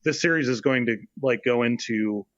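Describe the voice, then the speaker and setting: A man co-hosting a podcast, chatting casually and slowly, thinking aloud with many fillers. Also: medium pitch, a bit bright, no echo, muffled recording. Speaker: podcast co-host. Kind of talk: casual chat.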